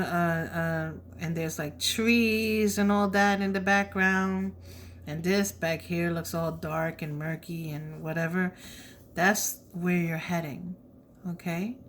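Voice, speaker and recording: Chatty and blunt, this tarot reader peppers her casual reading with slang and lowers her voice to a gentle whisper whenever she consults spirit. She speaks in a lowish register, and there's slight hiss or hum.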